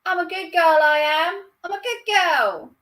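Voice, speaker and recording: A woman's voice: very high voice, animated, a little slow, a bit bright, pitched above the performer's own voice, heavily acted. A woman voicing a cheeky young Cockney flower girl with a Cockney accent. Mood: insistent.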